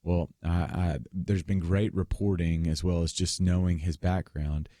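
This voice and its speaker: A man's voice: deep voice, level tone, a little slow, dark tone, no room sound, clean studio sound. A young man guest-hosting a radio talk show, giving loose conversational commentary with frequent fillers and restarts.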